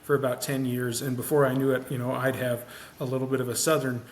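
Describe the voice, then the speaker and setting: A man's voice: medium pitch, flat delivery, fast talker, a little hiss or hum. A man hosting a podcast, chatting in a friendly, rambling way with frequent restarts. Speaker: podcast host. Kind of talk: casual podcast interview. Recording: echoey room.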